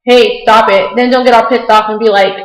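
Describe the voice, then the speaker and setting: A woman's voice: on the high side, steady tone, brisk. A young woman vlogger complaining in chatty, indignant casual talk. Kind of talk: casual rant. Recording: echoey room.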